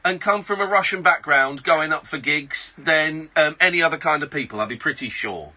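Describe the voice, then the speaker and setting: A man's voice: on the high side, normal speed, pushed and bright. A man hosting a late-night radio phone-in, blunt and rambling with many restarts. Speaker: radio host. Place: radio studio. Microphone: studio microphone.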